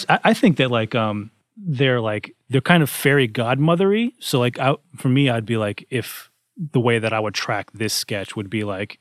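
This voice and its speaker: This podcast co-host has a mid-range voice, recorded dry with studio quality. He's on a casual comedy panel, rambling through the discussion with lots of restarts and fillers.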